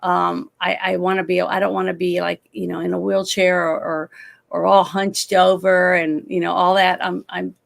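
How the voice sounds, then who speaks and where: A woman's voice: lowish voice, flat delivery, moderate pace, creaky. A woman talking about a movie in a casual chat, emotional and rambling, often trailing off and restarting. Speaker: guest.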